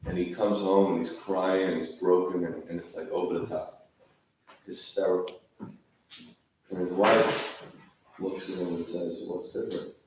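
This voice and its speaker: Low, flat-voiced man in an echoey hall. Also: unhurried, pauses often, distant mic, a little hiss or hum. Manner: conversational, repetitive storytelling. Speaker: speaker at a Tisha B'Av gathering. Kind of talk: storytelling sermon. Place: large hall, sitting on the floor.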